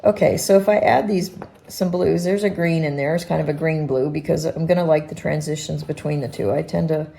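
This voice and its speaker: A woman art teacher thinking aloud as she demonstrates painting, relaxed and halting, with restarts. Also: low-pitched, creaky, a little hiss or hum.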